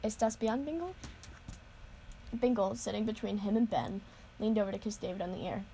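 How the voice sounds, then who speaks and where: Casual woman reader, mid-pitched, breaks off for offhand asides, informal novel read-aloud. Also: steady tone, fast, creaky, dark tone, slight background noise. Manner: casual asides, occasional cursing and restarts.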